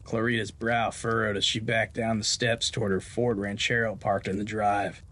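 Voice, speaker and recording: A man's voice: fairly low pitch, flat delivery, moderate pace, hardly any pauses, fairly bright tone. A man hosting a podcast of Western horror tales, narrating a story in a folksy, homespun way.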